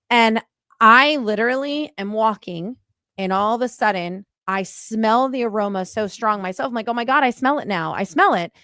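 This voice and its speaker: A woman's voice: medium pitch, no echo. Woman telling a ghost story, dry sound. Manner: animated, emphatic, many fillers. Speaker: paranormal investigator guest. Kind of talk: casual storytelling on a podcast.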